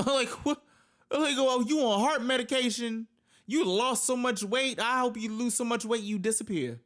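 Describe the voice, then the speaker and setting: A man's voice: very high voice, unhurried, fairly bright tone. A man hosting a reaction video, reacting in casual, profane, exasperated outbursts.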